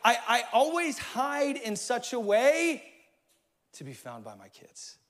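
A man in his thirties preaching a sermon in a church, casual and energetic, with slang. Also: very high-pitched, takes it slowly. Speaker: pastor.

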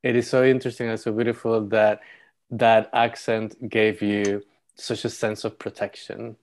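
A man's voice: fairly low pitch, level tone, normal speed. A man from Panama co-hosting a podcast, speaking appreciatively and reflectively with his guest. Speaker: podcast co-host. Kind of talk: warm interview conversation.

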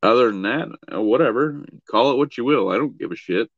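A man's voice: mid-range voice, expressive, brisk, no room sound, muffled recording. A man co-hosting a podcast in casual chat, blunt and profane, hedging often. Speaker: podcast co-host.

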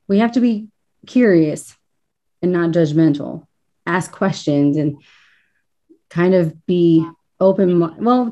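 A woman's voice: on the low side, mellow, muffled recording. A woman with a light Kentucky accent, a school counselor, speaking thoughtfully in a casual podcast interview and laughing easily at herself.

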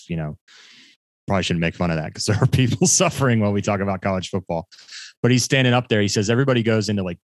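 A man's voice: sits low, no room sound. A man co-hosting a sports podcast, chatting casually with a joking, sarcastic manner. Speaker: podcast co-host.

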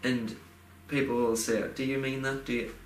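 A man's voice: mid-range voice, level tone, normal speed. Man in casual, heartfelt chat. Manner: rambling, heartfelt, frequent fillers and restarts. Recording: roomy echo, faint background noise.

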